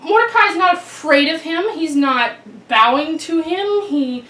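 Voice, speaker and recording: A woman telling children a Bible story in a chatty, animated way, with many restarts. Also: high voice, unhurried. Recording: roomy, distant mic.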